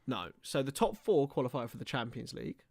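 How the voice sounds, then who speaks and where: Young male watchalong host, lively pitch, dry close mic, teasing banter. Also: fairly quick, vocal fry, dry recording. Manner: banterful, teasing, explains league rules. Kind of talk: casual live chat.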